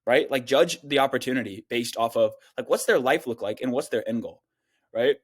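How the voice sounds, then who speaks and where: A young man rattles off blunt, profane business advice at a rapid clip. He leans on slang and fillers and keeps dropping into quick mock voices of the people he describes. His voice sits at an ordinary middle pitch. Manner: acts out other people's lines in quick quoted voices. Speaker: online business coach. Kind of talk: casual advice monologue.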